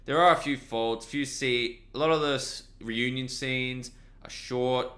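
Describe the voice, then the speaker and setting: Bright-voiced man rambling through a review. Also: medium pitch, a little slow, clean tone. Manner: rambling and excitable, swears freely, self-corrects often. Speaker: TV episode reviewer. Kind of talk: casual video review.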